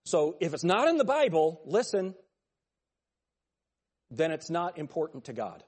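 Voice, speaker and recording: A man's voice: on the high side, big pitch swings, a little slow, a little mellow, slightly rough. A man teaching a Bible class, talking conversationally, joking and calling on students by name. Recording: long hall reverb.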